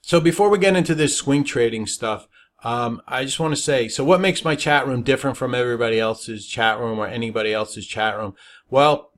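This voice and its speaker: A man teaching stock trading in a webinar, talking emphatically and checking in with "all right?" after his points. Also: mid-range voice. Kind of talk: webinar presentation.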